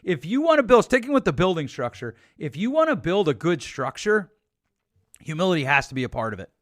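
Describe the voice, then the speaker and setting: A man's voice: fairly high pitch, big pitch swings, fairly quick, no echo, clean studio sound. A middle-aged man hosting a solo relationship advice podcast, blunt and emphatic as he urges listeners to change. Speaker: podcast host.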